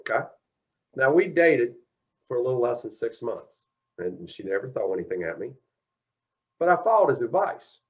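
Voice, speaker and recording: A man's voice: medium pitch, sing-song, moderate pace, pauses often, dull audio. A middle-aged man with a Kentucky accent gives a guest lecture at a mediation class as a folksy storyteller, retelling talks with lots of "I said, he goes.". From Kentucky, USA. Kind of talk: anecdotal lecture.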